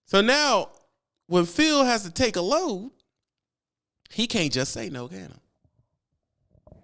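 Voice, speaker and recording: A man who streams about trucking, talking in an animated, slangy, teasing way and reading chat aloud. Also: sits high, takes it slowly, vocal fry. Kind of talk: casual live-stream chat.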